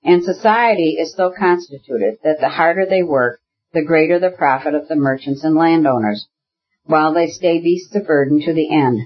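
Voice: mid-range voice, moderate pace, slightly rough, lo-fi sound, lightly acted. A reader voicing a bitter, agitated radical brother. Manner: heated, argumentative, bursts into shouting.

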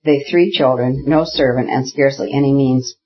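A man voicing an earnest young noblewoman with an eager, raised, husky voice in a storybook reading. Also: medium pitch, steady tone, normal speed, close to an everyday voice. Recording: dull lo-fi audiobook recording.

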